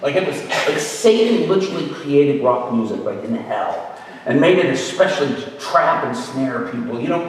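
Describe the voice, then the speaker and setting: A man giving an animated, conversational storytelling sermon as a guest speaker. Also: medium pitch, moderate pace. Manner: animated, conversational, often laughing. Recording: echoey hall, voice far from the mic.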